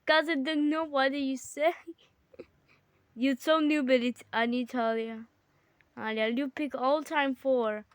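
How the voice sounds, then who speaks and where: A woman with a high voice plays a game alongside her sibling, exclaiming and bickering in casual chat. Even when excited, her speech stays unhurried and drawn out. The audio is clean with no echo.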